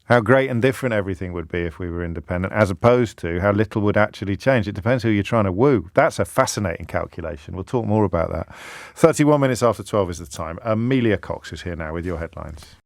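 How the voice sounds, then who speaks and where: English radio host musing aloud. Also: male voice, deep voice, lively intonation, fast talker, creaky, hardly any pauses, no room sound, studio quality. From England. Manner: musing aloud, restarts and self-corrections. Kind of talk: live radio phone-in chat. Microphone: studio microphone.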